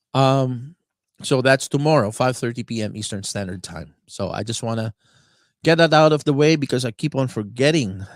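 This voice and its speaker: A man hosting a live internet radio show, talking off the cuff with many fillers and pauses while he searches for words. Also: fairly low pitch, no room sound. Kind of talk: live-stream monologue.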